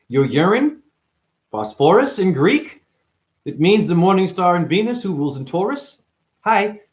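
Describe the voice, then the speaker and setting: A man from Boston rambling on a livestream, animated and swearing, jumping between topics and acting out the people in his stories. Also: a little high. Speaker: livestream host.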